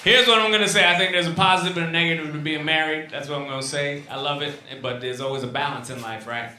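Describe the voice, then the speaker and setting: Animated, profane male stand-up comic. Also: fairly high pitch, fast, some chatter behind, a little hiss or hum. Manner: animated, profane, swings from shouting to muttering. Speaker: stand-up comedian. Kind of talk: stand-up routine. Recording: echoey club room with ambience.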